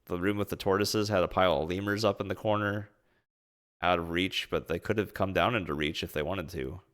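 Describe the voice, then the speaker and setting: A man with a fairly low voice chats casually over his travel photos, tossing out amused, goofy remarks. He sounds relaxed, recorded indoors. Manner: playful and amused, drawn-out silly asides. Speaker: vlogger recapping a trip. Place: indoors at home streaming.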